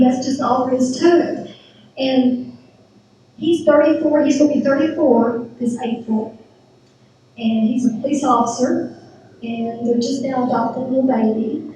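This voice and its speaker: A middle-aged woman giving a church testimony, retelling events with lively quoted dialogue. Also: high-pitched, recorded from a distance, a little hiss or hum. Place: church sanctuary. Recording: very echoey church hall from afar.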